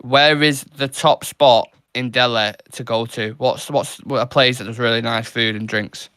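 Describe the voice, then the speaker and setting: A man's voice: medium pitch, fairly even intonation, a little slow, sharp tone, clean tone. A young Englishman, co-hosting a live football watchalong with blunt, swearing banter. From England. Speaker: co-host. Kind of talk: casual live watchalong chat.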